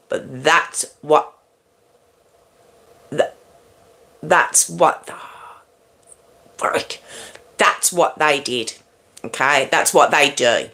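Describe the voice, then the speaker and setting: A woman with a low voice tells a true crime story slowly to her livestream audience. She talks in a conversational, halting way, restarts her sentences and keeps checking in with her listeners. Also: pushed and bright.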